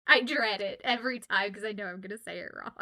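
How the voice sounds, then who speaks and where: A woman from Southwest Louisiana chatting casually on a livestream while signing autographs, giggling often and filling pauses with "um" and "uh.". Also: medium pitch, bright, forceful tone. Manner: chatty and giggly, with many fillers. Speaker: voice actor signing autographs on stream.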